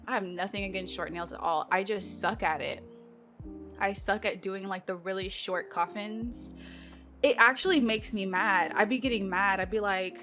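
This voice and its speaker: A woman's voice: medium pitch, normal speed, faint music behind. Chatty woman unboxing nail products. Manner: chatty, animated, filler-heavy with frequent "like". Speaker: nail beauty vlogger. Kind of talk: casual product unboxing chat.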